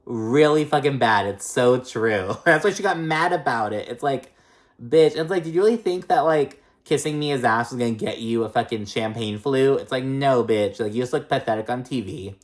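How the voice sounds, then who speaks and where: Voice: mid-range voice, moderate pace. A reality TV recap host giving a casual, gossipy episode rundown, swearing freely and packing the talk with fillers like "like" and "um". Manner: profane, filler-heavy, chatty; animated, mimics the cast in raised voices.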